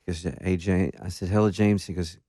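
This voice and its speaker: A man, a guest musician, telling stories in a casual interview in an animated, self-deprecating way, with many restarts. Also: low voice, brisk, no echo, studio quality.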